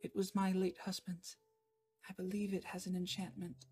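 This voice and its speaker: A woman's voice: on the low side, monotone, moderate pace, a little mellow, breathy edge, pitched above the performer's own voice. Woman putting on a tearful grateful mother. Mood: tearful gratitude. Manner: tearful, pleading thanks. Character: grateful, emotional middle-aged mother.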